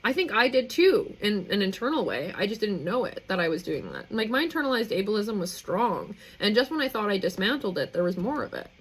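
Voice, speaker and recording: A woman's voice: mid-range voice, big pitch swings, brisk, few pauses, husky, rough recording. A young woman hosting a live stream, talking in an effusive, rambling, heartfelt way. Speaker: livestream host. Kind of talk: emotional live stream sign-off.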